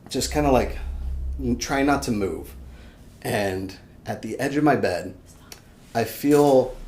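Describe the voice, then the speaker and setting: A young adult man, a podcast guest, telling a story in casual chat, animated and swearing freely, acting out his own shouts. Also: mid-range voice. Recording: echoey room, faint background noise.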